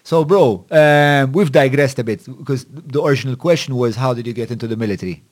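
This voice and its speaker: A male host with a mid-range voice chats in a relaxed, rambling way. He swears casually and drifts between topics. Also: mid-range voice, a little fast. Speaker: podcast host. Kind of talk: casual chat.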